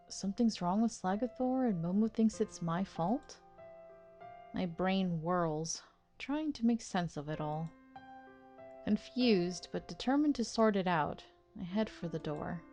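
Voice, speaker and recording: A woman reading a confused young man's first-person narration aloud from a game, in a quiet, subdued way. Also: medium pitch, lightly acted.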